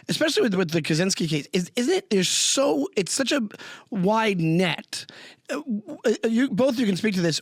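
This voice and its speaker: A man's voice: high voice, fairly bright tone, dry recording, studio quality. A man co-hosting a podcast who laughs often and asks stammering questions. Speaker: podcast co-host. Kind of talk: casual podcast interview.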